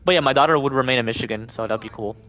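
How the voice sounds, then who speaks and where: A man's voice: medium pitch, very fast, a bit bright, faint music behind. A man live-streaming a video game, talking to himself and swearing in frustration. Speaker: gaming streamer. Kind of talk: casual live-stream commentary.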